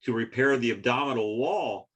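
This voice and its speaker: A man's voice: mid-range voice, normal speed, a bit bright, breathy edge. A man co-hosting a podcast who asks his guest probing follow-up questions in a casual conversation. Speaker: podcast co-host.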